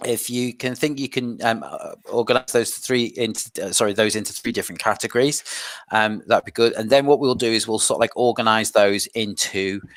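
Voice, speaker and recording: A man's voice: mid-range voice, fairly bright tone, no room sound. A man explaining education policy in a live online revision lesson, hesitant and full of self-corrections. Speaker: revision session presenter.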